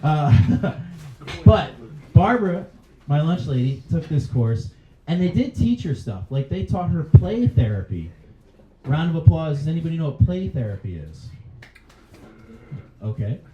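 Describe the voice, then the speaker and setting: A man's voice: on the high side, big pitch swings, a little slow, background noise. A male stand-up comedian on a club stage who chats with the crowd and laughs at his own jokes. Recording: dull, roomy live club recording. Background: faint audience laughter.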